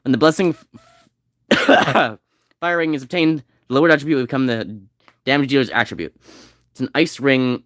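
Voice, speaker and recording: A man's voice: mid-range voice, a bit bright, dry recording. Dry-voiced man chatting over a game. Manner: rambling, reads game text aloud fast. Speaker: game streamer. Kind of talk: casual gameplay commentary.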